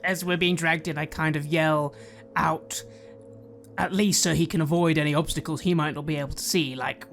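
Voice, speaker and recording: A woman's voice: deep voice, fairly even intonation, moderate pace, faint music behind. A woman playing in a tabletop game, speaking in character in a poised, slightly wry way. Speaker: player.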